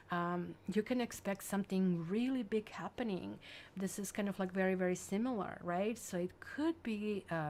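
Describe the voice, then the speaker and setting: A woman's voice: mid-range voice, a little mellow, slight background noise. Woman, accented English, tarot reader, casual, rambling, filler-heavy. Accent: non-native English accent. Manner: chatty and rambling, with many fillers like "like" and "um". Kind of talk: casual tarot reading monologue.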